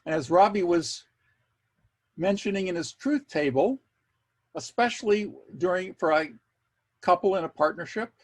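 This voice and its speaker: A man presenting an online workshop over a video call, speaking in a measured way with wry asides and repeating key words for emphasis. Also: high-pitched.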